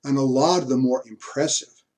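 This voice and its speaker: A man giving a university history lecture, unhurried, pausing mid-sentence and adding asides. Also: mid-range voice, steady tone, a little mellow.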